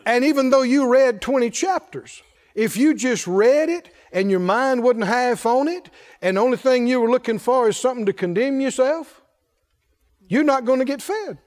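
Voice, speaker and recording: A male pastor preaching a sermon in an emphatic call-and-response style, shouting some refrains. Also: very high voice, lively intonation, normal speed.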